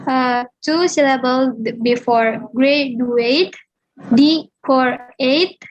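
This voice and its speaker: A young woman reads a phonetics lesson aloud in English, with a high voice and a slow pace. She moves carefully through each point, correcting herself and restarting as she goes. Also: lo-fi sound. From Indonesia. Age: young adult. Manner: halting, careful reading with restarts. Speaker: student presenter.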